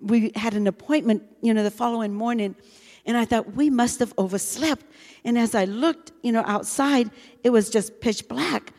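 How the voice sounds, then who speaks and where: A woman's voice: a little high, moderate pace, a little mellow, long reverb tail. A middle-aged woman preacher telling a testimony in an earnest sermon, with frequent fillers. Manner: earnest storytelling with many "you know" fillers.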